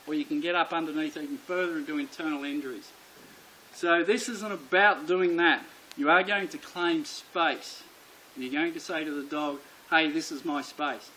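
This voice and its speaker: A man's voice: a little high, pushed and bright, a little hiss or hum, rough recording. A man teaching dog training, speaking bluntly and emphatically and repeating his key points. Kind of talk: instructional explanation to camera.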